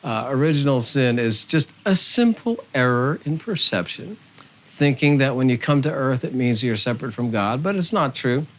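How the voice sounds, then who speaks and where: A man giving a gentle, unhurried spiritual talk to camera, soft-spoken with easy pauses and fillers. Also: mid-range voice, lively intonation. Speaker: spiritual vlogger.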